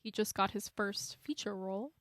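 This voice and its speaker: A woman cinematographer hosting a podcast, telling a story in a lively, chatty way in casual conversation. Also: medium pitch, normal speed, no echo. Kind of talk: casual chat.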